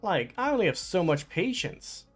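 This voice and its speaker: A man's voice: high-pitched, very animated, normal speed, faint music behind. A man giving casual let's play commentary as he plays, talking to himself with frustrated outbursts and exclamations. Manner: frustrated, exclamatory, talks to himself while playing. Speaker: gaming channel host.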